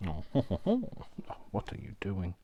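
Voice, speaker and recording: A man's voice: lowish voice, huge pitch swings, takes it slowly, vocal fry, highs cut off, slight background noise. A man vlogging while he does crafts, talking to himself by name in a giggly, rambling way. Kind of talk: casual talk while crafting.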